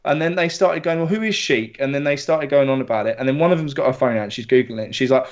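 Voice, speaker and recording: A man from England telling stories in a casual podcast chat, sweary and animated. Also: medium pitch, racing. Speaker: podcast co-host. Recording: dull lo-fi audio.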